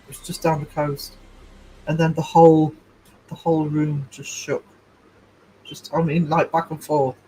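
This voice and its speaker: A man's voice: a little high, level tone, measured pace, pauses often, dark tone, breathy edge, low-quality recording. A middle-aged man hosting a casual livestream, rambling chattily through stories and replies to his chat. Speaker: livestream host.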